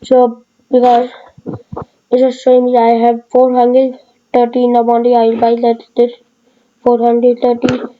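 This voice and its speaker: A woman giving casual, rambling gameplay commentary in short excited bursts. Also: fairly high pitch, a little slow, pauses often, lo-fi sound. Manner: excitable, rambling, broken phrasing. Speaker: gaming video creator.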